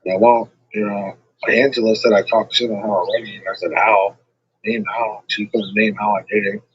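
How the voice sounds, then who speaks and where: A man's voice: lowish voice, flat delivery, fairly quick, husky, dull audio. A man ranting to his livestream chat in a rambling, combative way, swearing constantly.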